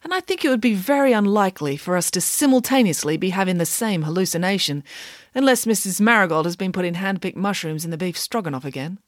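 A woman voicing a calm, precise schoolgirl who lays out her deductions. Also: lowish voice, fast, no room sound, studio quality, natural voice. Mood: coolly logical. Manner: calm, clipped, reasoning. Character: cool, precise schoolgirl detective.

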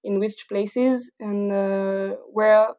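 A woman's voice: mid-range voice, fairly even intonation, drawn-out words, mellow. A woman in her thirties from the south of France with a French accent, answering interview questions hesitantly with many fillers. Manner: hesitant, many fillers, laughs between phrases. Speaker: guest.

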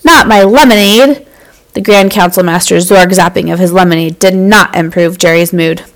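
A podcast host reads a bedtime-type children's tale, warm and animated for her young audience. She talks a little fast with a fairly low voice, and the sound quality is poor.

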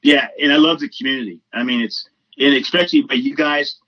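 A man's voice: medium pitch, fast talker, lo-fi sound. A man guest on a podcast, chatting casually and effusively, rambling with lots of fillers. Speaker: comedian. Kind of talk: casual chat.

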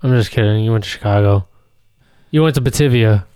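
A man's voice: on the low side, brisk, mellow, clean tone. A young man co-hosting a casual podcast, teasing and cracking jokes. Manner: teasing, joking banter. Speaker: podcast co-host. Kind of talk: casual chat.

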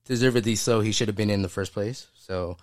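A man's voice: fairly low pitch, brisk, no room sound, clean studio sound. A man co-hosting a casual pop-culture podcast, talking enthusiastically, rambling and often laughing. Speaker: podcast co-host. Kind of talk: casual chat.

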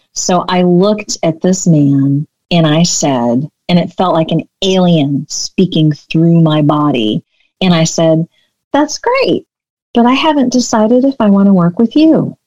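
A woman business coach telling a story in a podcast interview, animated and acting out the dialogue. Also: low voice, no room sound, dull audio.

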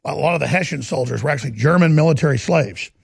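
A male host delivering indignant, rambling political commentary that breaks into shouts at times. His voice is fairly high for a man. It is gravelly and rough, with a husky edge. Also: quick pace, no room sound, clean studio sound.

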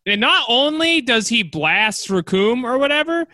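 A man's voice: extremely high pitch, expressive, a little slow, sharp tone, no echo, clean studio sound. A man co-hosting a casual podcast, making wry jokes while he comments on the episode. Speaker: podcast co-host.

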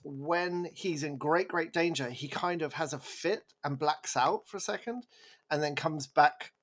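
A man co-hosting a podcast in casual chat, animated and rambling, laughing as he talks. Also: a little high, a little slow. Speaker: podcast co-host.

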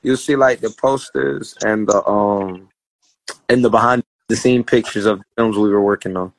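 A young man chatting casually on a live stream, telling animated stories about acting and laughing often. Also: on the low side, moderate pace, no echo. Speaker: actor guest on a live stream. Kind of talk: casual group chat.

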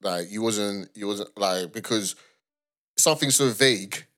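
A man's voice: fairly low pitch, a little slow, fairly bright tone. A man co-hosting a casual podcast, reflecting and explaining points through acted-out example exchanges. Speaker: podcast co-host.

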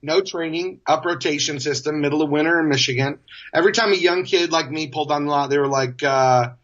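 A man in his forties, a guest telling stories in a casual, animated way, often laughing as he talks. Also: fairly high pitch, quick pace, muffled recording. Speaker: interview guest. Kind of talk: casual storytelling.

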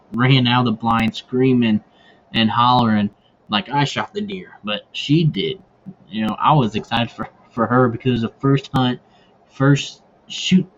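A man hosting a hunting podcast who tells casual stories, rambling with many fillers and restarts. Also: fairly low pitch. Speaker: podcast host. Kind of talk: casual storytelling. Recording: dull lo-fi recording with faint ambient noise.

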